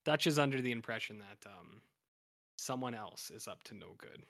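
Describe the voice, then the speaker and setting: Bright-voiced man rambling through a recap. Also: lowish voice, lively intonation, normal speed, no echo, clean studio sound. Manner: rambling, filler-heavy storytelling. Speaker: podcast co-host. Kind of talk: casual recap chat.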